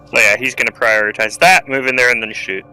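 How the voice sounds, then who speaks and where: A man's voice: mid-range voice, fairly even intonation, brisk, sharp tone, clear, resonant tone, poor audio. A man playing in a tabletop game, chatting casually and thinking aloud about his moves. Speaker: player.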